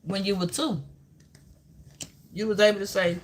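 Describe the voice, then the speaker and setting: Woman, tarot reader, bright voice, cussing, rambling, preachy. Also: medium pitch, a little fast. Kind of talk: live-stream tarot reading.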